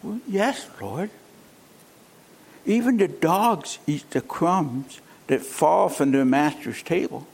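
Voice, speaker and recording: A man voicing a humble, desperate mother who pleads softly and quietly in a sermon. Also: low-pitched, expressive, takes it slowly, slightly rough, pitched below the performer's own voice, exaggerated voice. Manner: soft, hushed pleading.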